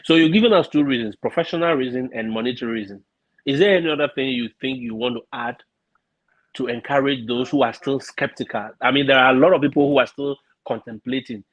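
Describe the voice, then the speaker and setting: A man's voice: mid-range voice, fast talker. A man hosting a casual talk, speaking English with an African accent and an encouraging manner, often repeating words as he thinks aloud. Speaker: podcast host. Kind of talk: casual conversation. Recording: slightly dull lo-fi sound.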